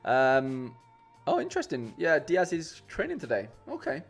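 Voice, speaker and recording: A man's voice: on the high side, huge pitch swings, normal speed, vocal fry, soft background music. A man chatting casually on a live stream, rambling with lots of fillers and restarts and calling his viewers "mate". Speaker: streamer building fantasy football lineups.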